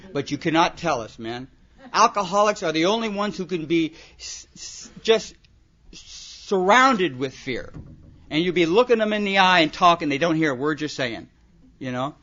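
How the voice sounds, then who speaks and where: A middle-aged man speaking at a recovery meeting, telling comic stories in a loose, animated way with plenty of "you know" and "man.". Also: a little high. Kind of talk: storytelling talk to a live audience. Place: meeting hall with a laughing audience. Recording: dull lo-fi live recording with audience.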